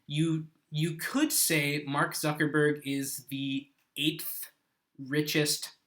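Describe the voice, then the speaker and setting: A man's voice: on the high side, flat delivery, slow, a bit bright. A man teaching English grammar in a live-streamed lesson, explaining patiently and often checking "okay?" with his viewers. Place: living on an island in South Korea.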